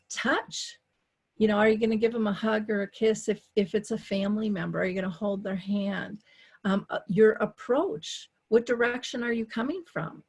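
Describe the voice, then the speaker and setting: A woman, a dementia care advocate, telling a story as a guest in a conversational interview. She acts out her own quoted thoughts and moves between quick asides and slow, deliberate points. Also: medium pitch. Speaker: dementia care advocate and talk show host, here as a guest.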